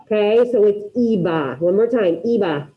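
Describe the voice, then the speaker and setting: A woman teaching a class, drilling her students through repetition and quizzing them with quick questions in an upbeat way. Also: mid-range voice, expressive, muffled recording. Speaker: Spanish teacher. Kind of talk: classroom grammar lesson.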